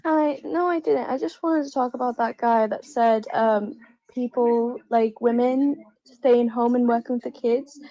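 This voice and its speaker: A woman's voice: a little high, fairly even intonation, a little slow, warm tone, dry recording, poor audio. A woman calling into a livestream, speaking hesitantly with fillers. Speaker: caller. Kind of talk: casual livestream call.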